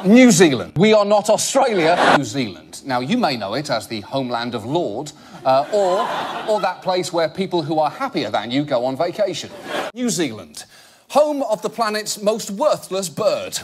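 A British man delivers a satirical comedy monologue in a high, animated voice that leaps up and down. His jokes land punchy and sarcastic. Clear noise sits under the recording. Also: moderate pace. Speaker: comedy show host. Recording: noisy studio recording.

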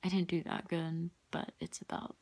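A woman's voice: lowish voice, little pitch movement, moderate pace, darkish tone. A young woman vlogging casually late at night, rambling, giggling and swearing, often dropping into whispers.

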